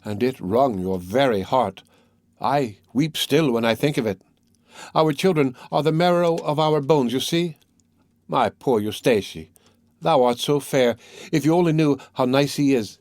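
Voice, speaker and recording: A man's voice: mid-range voice, a little slow, darkish tone, no room sound, clean studio sound, natural voice. A man voicing a grieving woman who tells a sad tale in an earnest, storytelling way. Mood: sorrowful. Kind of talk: scripted narration.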